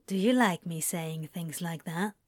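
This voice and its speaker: A woman voicing a flirtatious man who teases in a low, slow drawl on the phone. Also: darkish tone, no echo, clean studio sound. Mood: teasing. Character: flirtatious male seducer on the phone.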